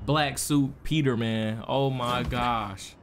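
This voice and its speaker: A man giving casual let's-play commentary, excitable and full of slang, trash-talking enemies. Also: mid-range voice, takes it slowly, a little hiss or hum. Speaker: gaming streamer.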